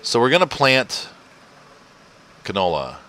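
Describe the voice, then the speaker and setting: A man's voice: mid-range voice, wildly swooping pitch, unhurried, bright, forceful tone. A man hosting a casual let's-play, rambling and chatty and laughing often as he plays at home. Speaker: gaming channel host. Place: home, indoors.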